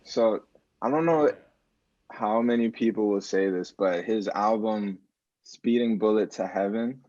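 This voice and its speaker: A young musician guest, relaxed and reflective, talks through a casual interview over a video call, with filler words throughout and frequent "like"s. His lowish voice runs a little slow, and the dull lo-fi call audio has no room sound.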